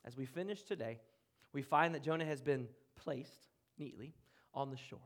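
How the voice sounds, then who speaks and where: A man pastor preaching a sermon in a church room, earnest, with dramatic pauses and drops to a hush. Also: mid-range voice. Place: church room, speaking from the front.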